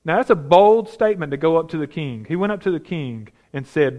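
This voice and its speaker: A man's voice: a little high, animated, brisk, few pauses, highs cut off. A man preaching a sermon, reading scripture aloud and talking it through in a conversational way with emphatic rhetorical questions.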